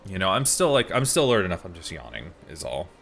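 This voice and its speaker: A man's voice: low voice, very animated, fast talker, vocal fry, a bit bright, slight background noise. A man streaming a game, chatting casually, thinking aloud and reading the on-screen dialogue. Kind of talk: live-streamed gameplay chat.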